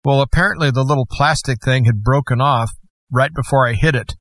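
Man, guest host, earnest measured storytelling, close dry mic, mid-pitched voice. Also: fairly bright tone, dry recording. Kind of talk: personal testimony.

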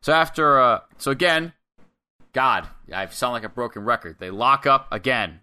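A young man with a bright, forward voice walks through a wrestling match move by move in casual podcast chat. He rambles a little and slips into quick acted-out quotes, at an ordinary middle pitch. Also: expressive, clean tone.

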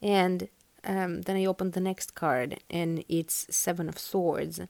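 A woman's voice: fairly low pitch, steady tone, measured pace, vocal fry, darkish tone. A woman who is not a native English speaker hosts a casual spiritual podcast and reads tarot, talking in an earnest, musing way full of "like" and "you know.". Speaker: podcast host reading tarot.

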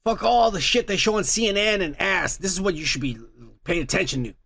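A man with a fairly high voice and a gravelly, creaky edge hosts a podcast. He swears freely, teases his co-host and laughs his way through loose, crude banter. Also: fairly quick, sharp tone. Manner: profane, teasing, laughs a lot. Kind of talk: crude casual chat.

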